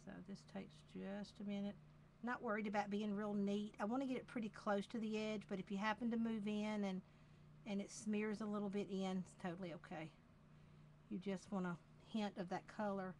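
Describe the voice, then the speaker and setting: A woman with a Southern accent demonstrating a craft project live, talking in an unhurried, chatty way and repeating phrases as she works. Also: mid-range voice, level tone, darkish tone, slight background noise.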